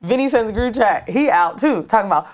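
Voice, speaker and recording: A woman in her thirties telling a story in casual chat as a podcast co-host, animated and slangy, recorded in a studio. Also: medium pitch, fairly quick. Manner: animated, slangy, dramatic retelling.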